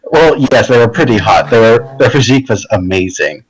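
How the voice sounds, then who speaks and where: A man playing his character in a tabletop game, halting and playful, with many restarts. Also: medium pitch, expressive, poor audio. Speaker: player.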